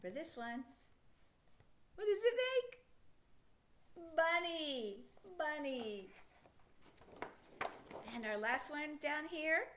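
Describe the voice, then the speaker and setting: A middle-aged woman teaching a children's phonics lesson, sounding out words slowly and encouraging the child with questions. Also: high-pitched, sing-song, fairly bright tone, a little hiss or hum.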